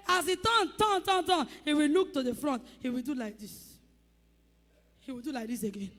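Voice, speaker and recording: A woman's voice: extremely high pitch, lively intonation, normal speed, sharp tone, big-room sound. A woman pastor preaching a sermon with emphatic calls, rhetorical questions to the congregation and acted-out sound effects.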